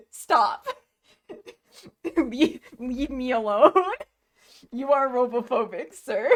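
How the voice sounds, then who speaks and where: A woman's voice: high-pitched, very slow, pitched above the performer's own voice. A woman voicing a flustered young male robot who keeps begging to be left alone, breaking into laughter. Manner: exasperated, pleading to be left alone.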